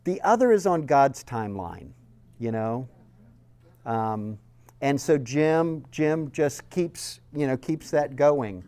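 A man with a Southern accent teaches in a sermon style, earnest and story-driven. His voice sits at a middle pitch and swings between loud, pressing emphasis and soft, quiet asides. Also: animated, slow. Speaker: speaker.

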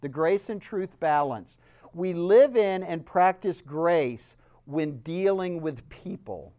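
A man with a Southern accent giving a sermon-style teaching talk, telling stories earnestly and swinging between loud emphasis and soft, quiet lines. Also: on the high side, animated, takes it slowly. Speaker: speaker.

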